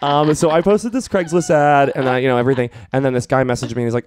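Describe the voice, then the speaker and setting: A man's voice: fairly high pitch, very animated, fast talker, few pauses, darkish tone, clean tone, dry recording. A young man co-hosting a podcast, telling a gossipy story in casual chat, giggling often. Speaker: podcast co-host.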